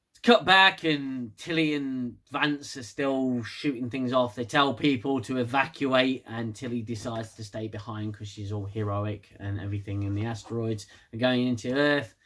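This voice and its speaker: A man's voice: a little high, animated, moderate pace, sharp tone. A British man casually recapping a TV episode with sarcastic, laughing asides. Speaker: TV episode reviewer.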